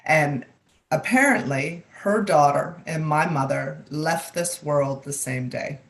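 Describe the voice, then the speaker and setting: A middle-aged woman with a somewhat low voice hosts a live show from a video call. She tells personal stories in a lively way, acting out what people said, and she invites her audience to join in. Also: slow, vocal fry. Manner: animated storyteller, acts out quotes. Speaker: host, psychic medium.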